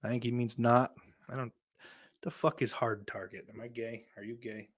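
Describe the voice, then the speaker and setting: A man's voice: mid-range voice, steady tone, moderate pace, husky. A man hosting his own podcast, chatting casually and reading out viewer comments, rambling, swearing often and mocking himself. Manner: rambling and heavily profane, self-mocking. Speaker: podcast host.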